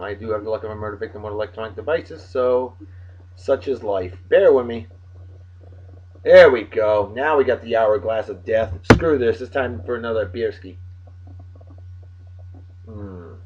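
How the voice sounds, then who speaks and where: A man's voice: on the low side, slight background noise. A man hosting a casual beer-tasting vlog, boisterous and jokey, rambling between topics. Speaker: vlog host. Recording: dull lo-fi home recording with faint music.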